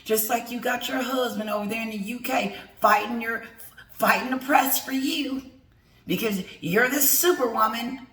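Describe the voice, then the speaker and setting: A woman's voice: fairly high pitch, normal speed, sharp tone. A middle-aged woman ranting with sass and emphasis in an opinion vlog, speaking straight to her viewers. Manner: sassy, emphatic, talks straight to viewers and greets them. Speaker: commentary vlogger. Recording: echoey room.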